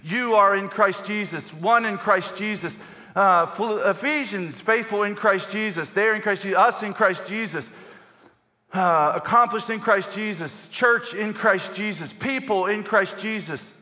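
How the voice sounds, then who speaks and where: High, bright-voiced preaching man. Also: a little slow. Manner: animated, repetitive emphatic preaching. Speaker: pastor. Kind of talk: sermon. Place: church stage. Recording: long hall reverb of a church.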